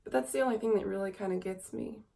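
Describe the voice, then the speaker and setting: A woman's voice: fast, gravelly, warm tone. A young woman in her twenties, tired, talking in a rambling, wistful confessional vlog to a camera mic. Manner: rambling and wistful, coos in a high baby voice. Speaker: vlogger.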